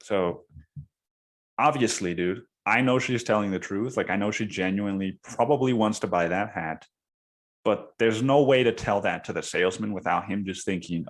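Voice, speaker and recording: A young man with a deep voice hosts his podcast and tells a story. He talks casually, swears freely and tosses in "dude" every few lines. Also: unhurried, long pauses. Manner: casual, profane, says "dude" a lot. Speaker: podcast host.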